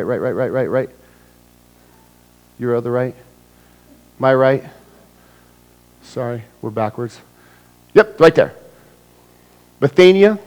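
Guy preaching a sermon, really animated, gets loud acting stuff out then goes hushed and low. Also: low-quality recording. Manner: animated, acts out scenes with sudden loud bursts; drops to a hushed low voice for serious points. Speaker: pastor.

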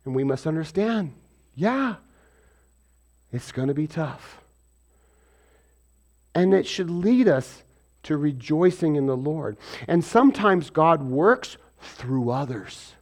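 A man's voice: a little high, lively intonation, takes it slowly, pauses often, a little mellow. A man preaching a sermon, asking and answering his own rhetorical questions and acting out voices from the stories he tells. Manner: acts out biblical and everyday voices.

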